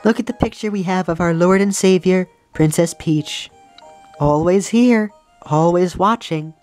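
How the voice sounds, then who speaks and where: A woman's voice: on the low side, unhurried, darkish tone, faint music behind, natural voice. A woman voicing a fussy, sugary but scolding mother Toad from a video game, in a sing-song motherly way. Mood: sweet.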